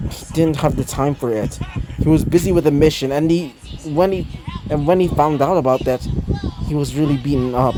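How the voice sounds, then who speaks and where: A man narrating a fan story off the cuff, halting with many fillers and restarts. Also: fairly high pitch, background noise.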